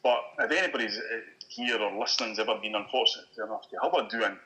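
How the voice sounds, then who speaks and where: A Scottish man, a guest, telling an animated story in casual chat and swearing freely. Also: on the low side, fast talker, a little hiss or hum, rough recording.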